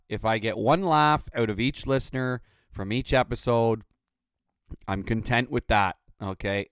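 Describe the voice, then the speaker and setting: A man hosts his own podcast and rants sarcastically, swearing freely. His voice is smooth and clear, and the sound is dry and close, with no room echo. Comic contempt runs through his talk. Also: fairly low pitch, moderate pace, fairly bright tone. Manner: profane, sarcastic ranting. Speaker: podcast host. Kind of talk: solo podcast rant.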